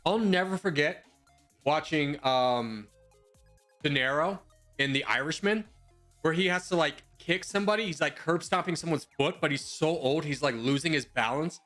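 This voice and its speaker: A man's voice: fairly high pitch, normal speed, fairly bright tone, faint music behind. A young man streaming from home, rambling and joking as he answers viewers' questions in casual chat.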